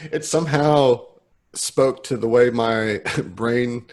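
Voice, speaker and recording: A man hosting a casual chat with fellow game masters, chatty and quick to laugh, hurrying along when time runs short. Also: mid-range voice, a little mellow. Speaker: podcast host asking the questions.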